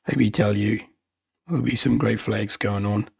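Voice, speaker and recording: A man's voice: lowish voice, fairly even intonation, moderate pace, vocal fry, darkish tone, husky, no room sound. A man hosting his own hobby channel, chatting loosely and enthusiastically as he shows off new miniatures. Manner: chatty, rambling, enthusiastic, self-mocking. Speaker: miniature wargaming channel host. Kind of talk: casual unboxing and hobby chat.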